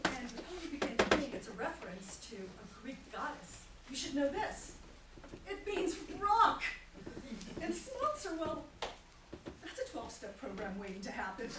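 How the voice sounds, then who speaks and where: Wry comedic monologist, high and lively, echoing hall with noise. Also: female voice. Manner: wry, self-mocking, punchy delivery. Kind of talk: comic stage monologue. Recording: roomy hall from far off, some noise.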